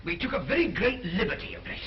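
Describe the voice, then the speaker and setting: A man's voice: sits high, very animated, fast talker, highs cut off. An actor playing a nervous, fawning barber to the king, on an echoey, distant old film soundtrack with hiss. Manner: fawning, flustered. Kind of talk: 1930s film acting.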